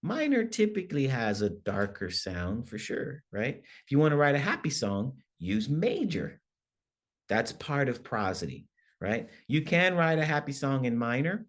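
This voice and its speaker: Man lecturing with lively demonstrations. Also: medium pitch, measured pace. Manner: animated, demonstrates with acted-out voices; conversational, checks in with "right?". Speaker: songwriting professor. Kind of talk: workshop lecture.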